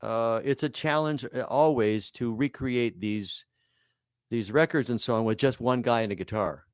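A man's voice: medium pitch, normal speed, no echo, clean studio sound. An older man, a comedian and musician, chatting as a guest in a self-deprecating, rambling way with many fillers. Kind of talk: casual interview chat.

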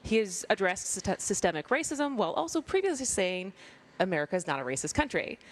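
A woman's voice: mid-range voice, sing-song, a little fast. A woman hosting a casual talk show, reading out candidate profiles with light jokes and frequent laughter. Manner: reads candidate bios, laughs often. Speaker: show host. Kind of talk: casual political chat.

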